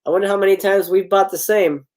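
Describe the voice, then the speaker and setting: A man's voice: high-pitched, fairly even intonation, fast, a little mellow, lightly acted. A man doing a mocking young brother. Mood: teasing. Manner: mocking, playfully ominous. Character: cocky young man teasing his sister. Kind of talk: live script read-aloud.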